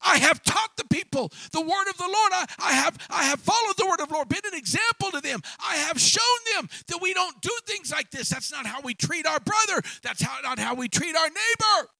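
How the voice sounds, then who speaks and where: A man preaching, acting out an indignant king who shouts in outrage. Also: measured pace, dry recording, natural voice. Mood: furious. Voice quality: shouting, rising high. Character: proud king, angry and indignant.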